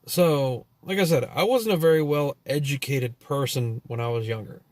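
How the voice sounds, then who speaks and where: A man's voice: mid-range voice, normal speed, darkish tone, no echo. A man telling a long story as a vlogger in a casual, profane rant that rambles and is full of "you know" and "like".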